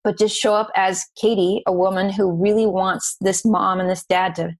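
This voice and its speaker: An earnest woman guest on an interview podcast, speaking at a medium pitch. She tells her story with feeling and energy, her voice lifting as she goes. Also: normal speed. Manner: earnest, emotional, animated retelling. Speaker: guest, business founder.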